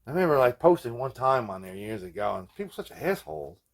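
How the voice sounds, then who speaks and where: A man's voice: medium pitch, very animated, fast talker, gravelly. A man hosting a guitar repair video, chatting casually in a rambling, profane way, full of fillers and laughing at his own jokes. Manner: rambling, loose and profane, peppered with "man" and "you know what I mean". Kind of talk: casual hands-on workshop chat.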